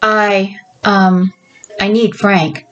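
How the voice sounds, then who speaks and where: An injured man, embarrassed and fretful, keeps insisting on what he wants, as a woman reads his lines. The voice stays at a middle pitch. There is little change from the reader's own voice. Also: flat delivery, drawn-out words, fairly bright tone, lo-fi sound, soft background music. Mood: insistent, embarrassed.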